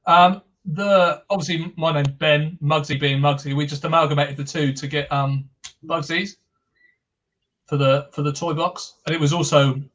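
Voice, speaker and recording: A man's voice: fairly high pitch, fairly even intonation, moderate pace, fairly bright tone. A man, a guest toy collector, chatting casually and modestly on a video call.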